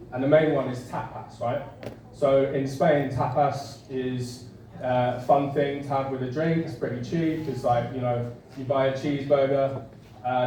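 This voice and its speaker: A young English man works through a stand-up set with a dry, self-deprecating delivery, pausing on fillers as he goes. His voice reaches a distant mic across a very roomy club. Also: mid-range voice, mellow, a little hiss or hum. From England. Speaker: stand-up comedian. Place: comedy club bar with a live audience. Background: audience laughter.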